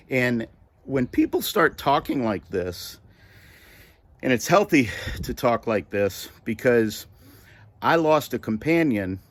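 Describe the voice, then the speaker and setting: An older man, a comedian, talking to camera in a halting, heartfelt way with many pauses and fillers. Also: medium pitch. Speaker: comedian vlogger. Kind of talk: reflective personal talk to camera.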